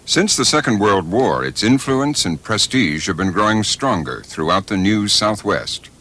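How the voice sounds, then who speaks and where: A man giving measured, scripted documentary narration. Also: lowish voice, sing-song, fairly bright tone.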